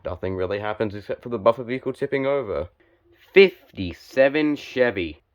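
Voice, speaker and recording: A faint hiss or hum sits under a young man's medium-pitched play-by-play of a toy car joust. He keeps a calm, measured tone but flares up excitedly when the cars hit hard.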